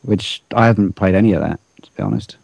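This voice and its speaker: A man's voice: low-pitched, fast talker, gravelly, darkish tone, no room sound, low-quality recording. A man co-hosting a casual gaming chat, with a dry, understated humor. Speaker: podcast co-host.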